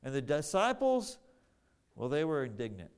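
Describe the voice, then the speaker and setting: A man's voice: on the high side, huge pitch swings, normal speed, clear, resonant tone. A man preaching a sermon, earnest, often repeating words as he searches for the phrasing.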